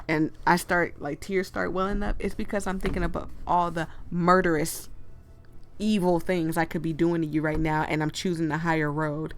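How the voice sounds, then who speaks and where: A woman's voice: lowish voice, flat delivery, normal speed. A woman streaming a story game, chatting casually to her viewers, giggling and rambling and cutting herself off. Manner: giggly, rambling, self-interrupting. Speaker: game streamer reading a visual novel aloud. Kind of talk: casual chatty playthrough commentary.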